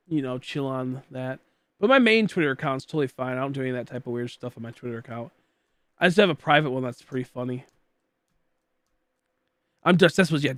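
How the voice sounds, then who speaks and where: A man's voice: a little high, fairly bright tone, no echo. A young man from Michigan chatting casually as a streamer while gaming, rambling and goofy, full of filler words.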